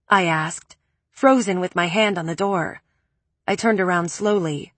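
Husky woman narrating an audiobook. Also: fairly low pitch, measured pace, a bit bright, no room sound. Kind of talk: first-person audiobook narration.

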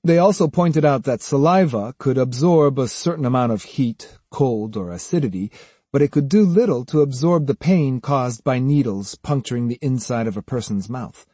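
Man, audiobook narration, measured reading, dark mellow tone, dry close mic. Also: medium pitch, lively intonation, breathy edge, no room sound. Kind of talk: scripted narration.

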